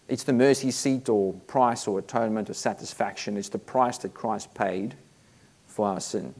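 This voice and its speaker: A man delivers a sermon in a lowish voice. He speaks earnestly and with emphasis, often reading scripture passages aloud. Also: moderate pace, a little mellow. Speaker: preacher.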